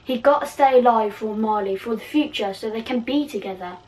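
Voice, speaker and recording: A woman's voice: a little high, brisk, a little mellow, distant mic, poor audio. A woman reading her own fan fiction aloud in a casual way, giggling and poking fun at herself, stumbling over words. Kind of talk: casual story reading with asides.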